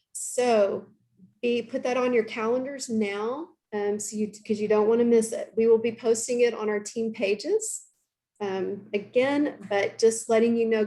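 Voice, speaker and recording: A woman's voice: fairly high pitch, mellow. A woman giving upbeat announcements on a team video call. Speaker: team member making announcements. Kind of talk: casual team meeting talk.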